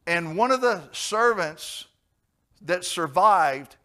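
A man preaching a casual Bible teaching in a blunt, conversational way, with joking asides and sudden loud stresses. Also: high-pitched, lively intonation, slow pace.

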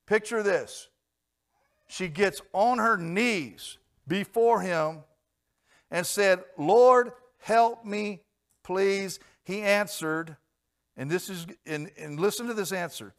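Give a male preacher with a fairly high voice, chatty and direct. He asks his listeners questions and answers them himself. He swings from quiet asides to emphatic points. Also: slow. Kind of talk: sermon.

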